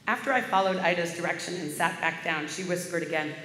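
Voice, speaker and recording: A woman's voice: lowish voice, quick pace, few pauses, bright, forceful tone, a little hiss or hum. A woman minister delivering a sermon as a vivid personal story. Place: large church sanctuary. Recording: echoey hall with faint ambience.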